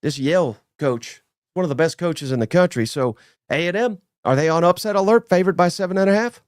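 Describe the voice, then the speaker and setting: A man's voice: fairly high pitch, fairly quick, clear, resonant tone, dry recording, clean studio sound. Upbeat man hosting a podcast. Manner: energetic, shouts out channel members, teasing. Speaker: podcast host. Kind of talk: casual sports chat.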